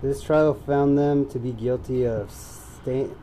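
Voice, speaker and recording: Male podcast co-host, dark mellow tone, stumbling casual reader. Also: medium pitch, steady tone, slow, a little hiss or hum, low-quality recording. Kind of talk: casual comedic chat and reading aloud.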